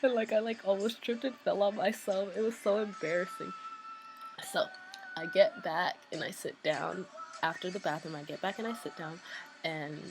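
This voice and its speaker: A woman vlogger casually telling a story, chatty and excited, with lots of "like" and "um" fillers. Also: mid-range voice, moderate pace, over music, low-quality recording.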